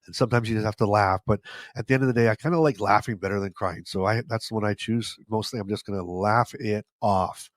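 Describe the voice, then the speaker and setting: A podcast host with a stuffy nose speaks briskly in a lowish voice, with no audible room sound. He spins casual stories in a monologue, joking and cracking at his own expense.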